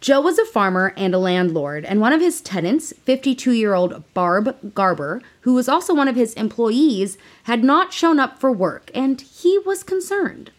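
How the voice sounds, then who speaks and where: A woman's voice: on the high side, big pitch swings, moderate pace, few pauses. A woman in her thirties hosting a podcast, telling a true-crime story in a chatty, playful way. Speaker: podcast host.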